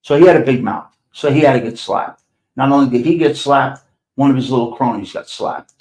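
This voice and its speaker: A man's voice: medium pitch, fairly quick, a little mellow. Blunt, profane New York man, older. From New York City. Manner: blunt, profane, sarcastic, repeats himself. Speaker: podcast host. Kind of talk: profane storytelling monologue. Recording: echoey room.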